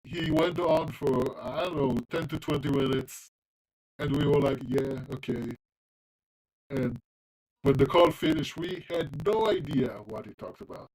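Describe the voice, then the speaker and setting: A man's voice: on the high side, big pitch swings, normal speed, a little mellow, low-quality recording. A man with a non-native English accent leaning American, streaming himself coding and chatting casually with viewers. He talks loosely, with plenty of ums and restarts. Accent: non-native English accent, closer to American. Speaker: coding livestreamer. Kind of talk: casual livestream chat while coding.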